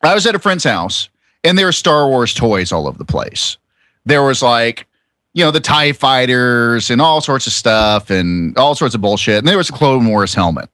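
A man on a podcast panel telling a rambling, profane story in a casual, animated way. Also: mid-range voice, moderate pace, no echo, clean studio sound. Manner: animated, swearing, storytelling with quoted voices.

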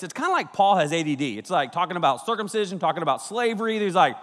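A man preaching a comedic sermon to young people, telling stories with lots of energy and jumping into high voices when he quotes people. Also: fairly quick, big-room sound. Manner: animated storytelling, jumps into high voices for quotes. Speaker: pastor.

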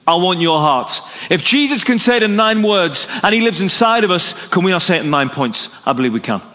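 Brief: male preacher, lively storyteller, slightly higher voice, long hall reverb. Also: fast talker. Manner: animated, story-driven, acts out dialogue. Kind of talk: evangelistic sermon with storytelling.

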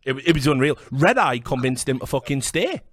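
A man's voice: medium pitch, very animated, a little fast, a bit bright. Swearing Welsh man telling stories. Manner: swearing, laughing, acts out quoted voices. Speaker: podcast host. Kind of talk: casual storytelling chat.

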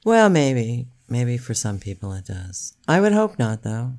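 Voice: mid-range voice, sing-song, a little slow, darkish tone. A podcast co-host chatting casually, teasing with a dry, sarcastic edge. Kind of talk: casual chat.

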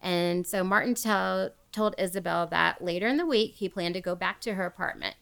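Woman host, chatty storyteller, gravelly voice, laughs a lot. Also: fairly low pitch, normal speed, fairly bright tone. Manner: chatty, laughs often, quotes people as she tells. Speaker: podcast host retelling a true crime story. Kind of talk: casual storytelling chat.

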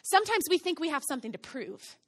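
A woman's voice: high-pitched, sing-song, fast talker, a bit bright. A woman in her thirties, a pastor preaching a sermon, earnest and building to emphatic repetition.

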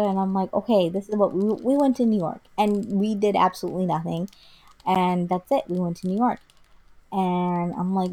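A woman's voice: mid-range voice, fairly even intonation, normal speed, a little mellow. A young woman co-hosting a podcast, telling a story in a casual chatty way with lots of "like" and restarts. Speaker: podcast co-host.

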